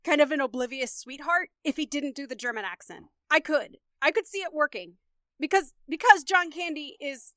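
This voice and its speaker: A woman's voice: sits high, lively intonation, moderate pace, bright, forceful tone, no room sound, studio quality. A woman co-hosting a casual movie podcast, talking enthusiastically about actors. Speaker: podcast co-host.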